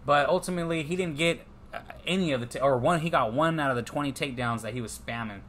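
A man's voice: a little high, quick pace, a bit bright, a little hiss or hum. A man from California, a podcast co-host, talking in casual chat in a slangy, emphatic way, often tossing in "man". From Stockton, California. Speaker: podcast co-host, MMA betting picks.

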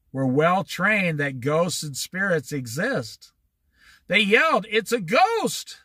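This is a lively man with a high voice, teaching the Bible in an informal study commentary on the Oregon coast. He talks conversationally, reading verses aloud, explaining them, and acting out the quotes. The recording is dry.

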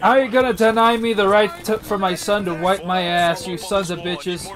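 A man streaming an online game, joking loudly and yelling in comedic role-play chat. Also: sits high, steady tone, moderate pace. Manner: loud, joking, often yelling.

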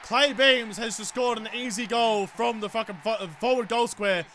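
An Australian man narrates his football video game in a very high, bright and sharp voice. He fumes and curses at his players, then slips into mock-polite sarcasm. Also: fairly even intonation, moderate pace, a little hiss or hum. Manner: exasperated, swearing rants at the game. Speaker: gaming YouTuber. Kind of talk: let's play commentary.

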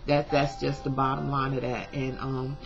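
A woman's voice: a bass voice, flat delivery, normal speed, vocal fry, lo-fi sound. A woman tarot reader in a vlog, ranting passionately and at length. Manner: passionate, rambling rant.

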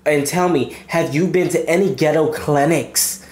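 A woman's voice: low-pitched, moderate pace, darkish tone, roomy sound. A woman doing casual reaction commentary, talking in a profane, talkative way. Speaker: reaction youtuber.

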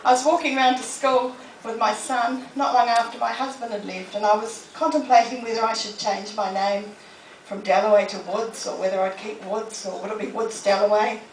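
In an echoey library talk room, a New Zealand woman in middle age entertains an audience with funny stories at her own expense, acting out the quotes. She speaks at normal speed in a slightly high, fairly even voice, with a distant mic and slight background noise.

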